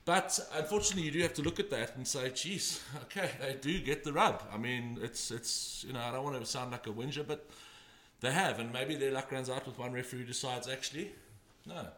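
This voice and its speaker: A man's voice: mid-range voice, fast talker, a bit bright. A man giving rugby predictions in a casual panel chat, rambling and emphatic, often stopping and restarting. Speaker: rugby pundit. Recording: roomy echo.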